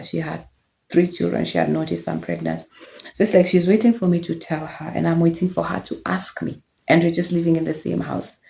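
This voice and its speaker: Speaking in a fairly low, gravelly voice, this young woman recounts her own life as a vlogger's personal testimony. She sounds candid, casual and reflective, with soft laughter and filler words along the way.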